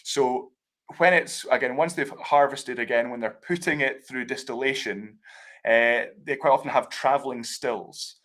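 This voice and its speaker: A man's voice: medium pitch, normal speed, fairly bright tone. A Scottish man leads a live tasting over a video call. He talks with enthusiasm and explains at length, with loose, chatty fillers and asides. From Scotland. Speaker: whisky brand ambassador.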